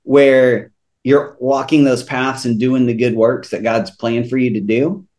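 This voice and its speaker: A returning guest on a faith-based podcast, this man speaks in a mid-range voice at a measured pace. He's earnest and animated, telling stories about faith and money and often restarting his sentences.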